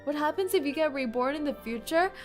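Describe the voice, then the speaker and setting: A woman's voice: high-pitched, expressive, a little fast, faint music behind. A woman streaming a game, chatting in a giggly, playful, teasing way. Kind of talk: game livestream commentary.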